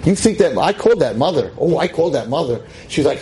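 Animated man with wide swings of pitch. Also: fast, slight background noise, low-quality recording. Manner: emphatic, exclamatory, with sudden swings in pitch. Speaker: rabbi teaching a women's class. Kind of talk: lively Torah class to a live audience. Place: room with a seated audience.

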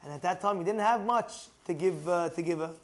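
A rabbi, a man with a notably high voice, teaches through homely stories. He keeps checking whether his listener follows, and his voice swings into shouts when he makes a point. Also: fairly quick. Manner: animated, asks the listener rhetorical questions, raises voice to a shout for emphasis. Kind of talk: storytelling talk on marriage.

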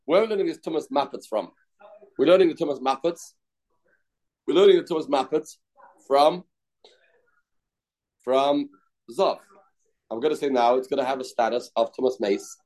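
A man teaches a Talmud study class in an ordinary middle pitch, chanting phrases again and again in a sing-song rhythm and blending English with Hebrew and Aramaic terms. He pauses now and then to answer students' questions. His pace is moderate, with long pauses, and his voice is a little mellow.

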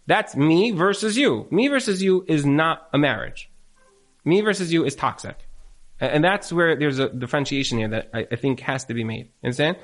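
A man with a fairly high voice speaks into a handheld mic in front of a live audience, giving marriage advice. He is emphatic and repeats his points, and he often throws in rhetorical questions. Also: lively intonation, normal speed. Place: event room with an audience.

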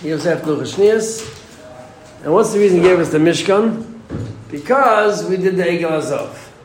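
A man with a somewhat high voice teaches an informal Torah class. He talks conversationally and keeps posing rhetorical questions. The recording is roomy, with faint ambience behind him. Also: moderate pace, a little hiss or hum. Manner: conversational, asks rhetorical questions, restarts sentences.

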